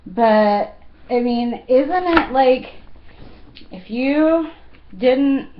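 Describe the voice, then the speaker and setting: A woman's voice: sits high, expressive, very slow, highs cut off, background noise. A woman in her thirties chatting casually to her viewers, giggly and full of fillers. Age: 30s. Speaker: fashion vlogger. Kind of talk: casual chat.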